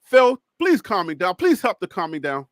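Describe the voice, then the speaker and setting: A man hosting a casual sports reaction talk, animated and excitable, laughing often. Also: high voice, normal speed, no echo, clean studio sound. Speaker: host.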